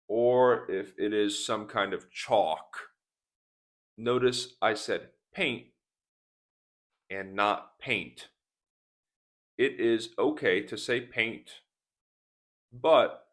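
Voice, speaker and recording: A male English teacher talks to the camera from his desk at an unhurried crawl, each word set apart. His voice sits on the low side. He keeps stopping to repeat single words so learners can catch the pronunciation. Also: fairly bright tone. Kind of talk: slow, deliberate teaching talk. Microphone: speaking to camera at a desk.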